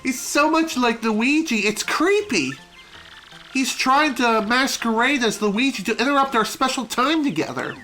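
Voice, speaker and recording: Starstruck young fan girl, squealing, gushing, swooping lively voice, a woman doing it. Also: a little high, measured pace, soft background music, pitched above the performer's own voice. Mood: panicked. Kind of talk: game dialogue read aloud.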